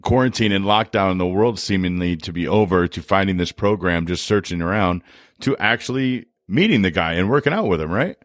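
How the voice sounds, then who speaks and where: A man's voice: sits low, animated, brisk, dry recording. A man hosting a podcast interview, chiming in with short affirming remarks. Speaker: podcast host. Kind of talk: casual interview.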